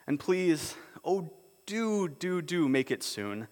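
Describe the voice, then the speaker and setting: A man reading the lines of a pleading, tearful young girl, lifting his pitch a little, in a reverberant hall. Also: sing-song, slow pace, a little mellow.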